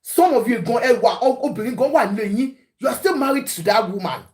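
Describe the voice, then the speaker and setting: A woman's voice: fairly high pitch, expressive, fast talker, darkish tone. A Nigerian woman hosting a talk show, giving preachy, emphatic commentary to her panel and often switching into Yoruba.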